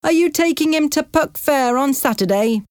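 A woman's voice: sits high, animated, moderate pace, no echo, studio quality, voice pushed up. A woman reading aloud and voicing a friendly, chatty male taxi driver with an Irish accent in an audiobook. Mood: cheerful.

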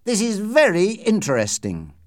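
A man's voice: high voice, huge pitch swings, moderate pace, dry recording, clean studio sound, voice pushed up. A man reading the part of an eager, deferential head clerk in an audiobook, speaking politely in a raised voice.

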